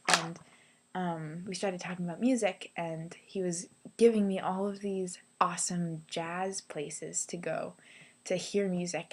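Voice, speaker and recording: Young woman vlogger, casual excited storytelling, slightly low voice, lots of "like" and "um", recorded in a hostel lounge. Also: slight background noise. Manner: chatty, excited, many "like"s and "um"s. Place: youth hostel hangout space.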